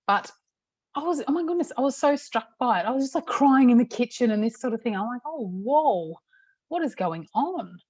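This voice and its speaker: A woman's voice: high-pitched, expressive, fast talker, a little mellow, no echo. Chatty woman parenting coach, dry sound. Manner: chatty, repeats "okay" often. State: slightly hoarse throat. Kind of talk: casual talk-to-camera teaching.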